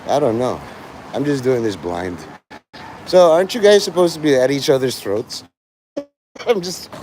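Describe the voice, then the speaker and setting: A man's voice: medium pitch, sing-song, moderate pace, long pauses, a little mellow, slight background noise. A man streaming live, rambling through jokes and stories, laughing often and swearing freely.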